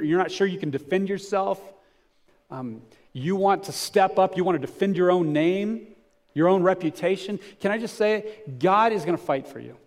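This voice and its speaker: Conversational man preaching a sermon. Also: high voice. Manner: conversational preaching with emphatic swells and softer reflective stretches. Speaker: pastor. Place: church before a congregation.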